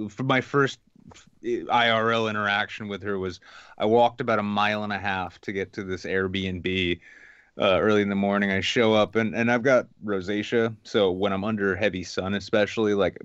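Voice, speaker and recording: A man co-hosting a podcast, telling a rambling story in relaxed casual chat. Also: on the low side, moderate pace, clear, resonant tone, no echo, dull audio.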